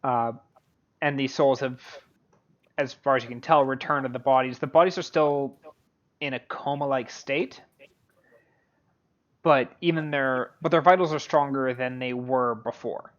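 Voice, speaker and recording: A man narrating as game master of a tabletop game, halting and full of fillers. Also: mid-range voice, steady tone. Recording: dull lo-fi audio.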